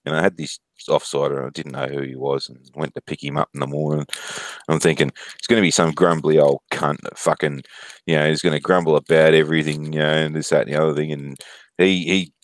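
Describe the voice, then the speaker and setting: A man's voice: rumbling low, little pitch movement, fast talker, dry recording. A man in his thirties with an Australian accent, telling profane, laughing stories on a casual stream. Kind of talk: casual storytelling.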